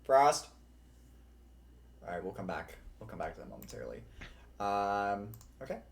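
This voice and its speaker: A man as game master, running an online tabletop game in a relaxed way with many fillers. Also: lowish voice, normal speed, vocal fry, a little hiss or hum.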